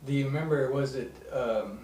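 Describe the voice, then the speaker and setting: A man's voice: mid-range voice, moderate pace, a little mellow, low-quality recording. A man conducting an oral history interview, prompting with questions and short agreement.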